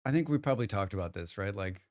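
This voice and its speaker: Smooth-voiced man chatting on a game stream. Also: fairly low pitch, animated, fast, darkish tone. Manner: rambling, restarts sentences, chats with viewers. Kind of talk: casual livestream chat.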